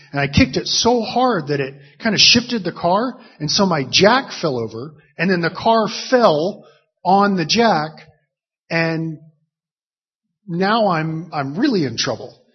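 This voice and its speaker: Guy rambling through a story, kinda husky and a bit high, muffled lo-fi sound. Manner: rambling, animated storytelling with frequent fillers and laughs. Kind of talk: casual storytelling. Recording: muffled lo-fi recording.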